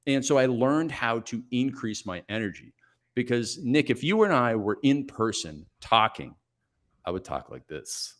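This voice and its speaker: A man in his forties, a coach guest on a podcast, telling stories in a brisk, energetic, self-reflective way. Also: medium pitch. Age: 40s. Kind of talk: podcast interview, storytelling.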